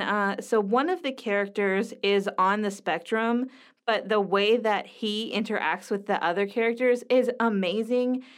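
A woman in her thirties, a mother, gives a casual movie review. She talks in a chatty, enthusiastic way, dotted with ums and uhs. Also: mid-range voice. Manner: chatty, enthusiastic, with frequent fillers.

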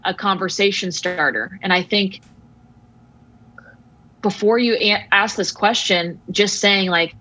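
A woman guest expert answering interview questions about sports and parenting in a measured, thoughtful way. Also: mid-range voice, pushed and bright, dull audio. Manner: measured, thoughtful, slow explaining.

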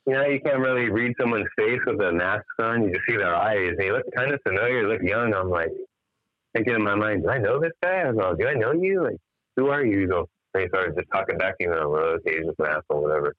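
A man's voice: low-pitched, fast, dry recording. A tired man telling a strange story in a casual phone interview, swearing freely and acting out the dialogue. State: tired after staying up all night. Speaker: musician guest. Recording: dry, tinny phone line.

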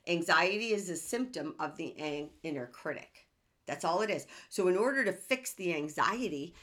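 A woman hosting a self-help podcast in a bright, sharp-edged voice. She talks earnestly and with emphasis, and she keeps checking in with rhetorical questions. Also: fairly low pitch. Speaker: podcast host.

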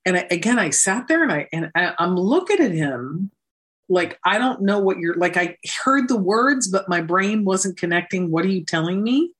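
A woman guest in an interview, telling her story with lively emphasis and acting out the dialogue. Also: on the low side, normal speed. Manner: animated, emphatic, acts out quoted dialogue. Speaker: guest, nonprofit founder.

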